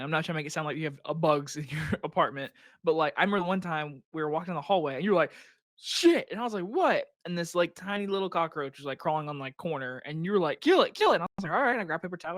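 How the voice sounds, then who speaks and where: A young man co-hosting a podcast, excitable in casual chat, laughing and swearing often. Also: a little high, rapid-fire, dry recording, clean studio sound. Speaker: podcast co-host.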